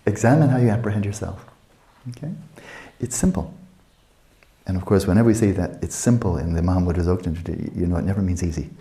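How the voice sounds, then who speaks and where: A man in his sixties teaching a meditation retreat, talking calmly and reflectively and asking many searching questions. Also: lowish voice. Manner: calm, reflective, asks many rhetorical questions.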